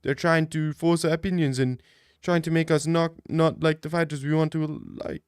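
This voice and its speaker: A man's voice: on the high side, steady tone, moderate pace, clear, resonant tone, no echo, studio quality. Slangy young man ranting jokily. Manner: slangy, jokey, slips into mock street talk. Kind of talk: mocking comedic rant.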